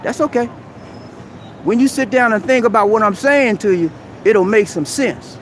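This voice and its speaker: A man with a strikingly high voice hosts a live stream from outside a busy mall. He lectures his viewers in a preachy, exhorting way and keeps calling them "man". Faint street and traffic noise sits behind him. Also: lively intonation, moderate pace. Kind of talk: motivational advice rant. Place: outdoors at a busy shopping mall.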